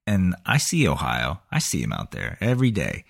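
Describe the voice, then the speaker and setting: Playful, animated male podcast host. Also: deep voice, moderate pace, vocal fry. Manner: playful, hammy promo delivery. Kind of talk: comedic podcast commentary.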